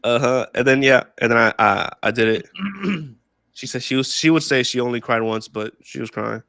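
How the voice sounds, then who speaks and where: A man's voice: medium pitch, moderate pace, fairly bright tone, no echo, clean studio sound. A young man casually telling a story on a podcast, laughing often, swearing freely and repeating himself. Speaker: podcast co-host.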